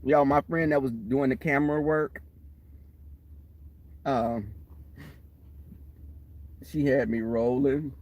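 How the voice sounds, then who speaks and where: A man's voice: medium pitch, takes it slowly, pauses often. A man hosting a casual livestream, telling stories to his chat with lots of laughter. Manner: animated storytelling, laughs often, talks to the chat. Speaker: livestream host. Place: waiting for a shuttle, outdoors or in transit.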